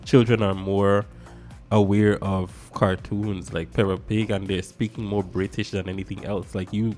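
A man in a casual discussion, animated and speeding up in bursts. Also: lowish voice, a little slow, faint music behind.

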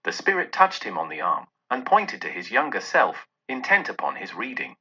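Expressive husky male storyteller. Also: medium pitch, normal speed. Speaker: narrator. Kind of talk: scripted narration of a classic novel. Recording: dull lo-fi audio.

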